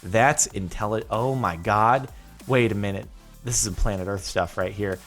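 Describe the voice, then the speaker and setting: A man's voice: lowish voice, moderate pace, music in the background. Chatty man reacting to videos. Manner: chatty, laughs often. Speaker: YouTube host. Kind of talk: casual reaction commentary.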